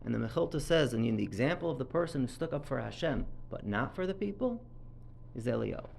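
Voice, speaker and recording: A man's voice: mid-range voice, expressive, fast talker, creaky, darkish tone, slight background noise. A man giving a sermon-style Torah talk at a synagogue event, telling the story emphatically and acting out the quotes with rising intensity.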